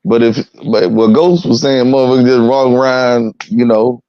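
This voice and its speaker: A man's voice: medium pitch, fairly even intonation, moderate pace, warm tone, clear, resonant tone, dry recording, highs cut off. A man in a casual talk chat who speaks bluntly and profanely, with frequent fillers.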